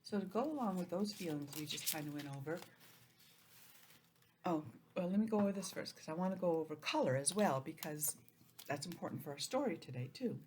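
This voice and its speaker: A woman teaching an online lesson to young children, gentle and expressive, acting out feelings in a sing-song way. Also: lowish voice, a little fast, slight background noise. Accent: New England.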